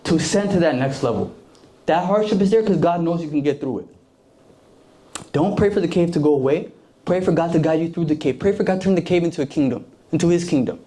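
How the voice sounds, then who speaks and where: A man's voice: on the high side, quick pace, dark tone. A young man preaching a casual sermon to a youth group, slangy and conversational, acting out the characters.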